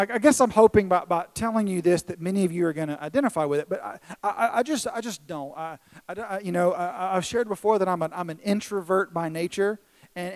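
A pastor in his thirties preaches from a church stage in an earnest, self-deprecating way. His voice sits a little high for a man, and he often stumbles and restarts his phrases as he tells his story. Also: a little mellow, poor audio. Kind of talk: sermon.

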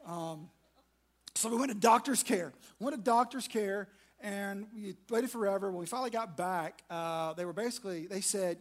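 High-voiced preacher telling a story. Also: male voice, fairly quick. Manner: storytelling, self-mocking, conversational. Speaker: pastor. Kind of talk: sermon. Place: large room with audience.

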